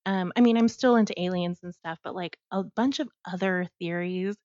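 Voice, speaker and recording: A woman's voice: on the low side, moderate pace, a little mellow, no echo. Chatty woman from Texas hosting a podcast. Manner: chatty, giggly, lots of "like". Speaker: podcast co-host. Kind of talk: casual chat. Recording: dull, muffled audio.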